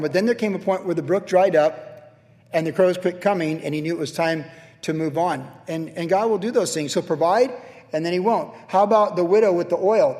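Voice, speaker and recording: A man's voice: high voice, dark tone. A middle-aged male pastor preaching a sermon, telling stories animatedly and repeating phrases for emphasis. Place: church sanctuary. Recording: reverberant church hall.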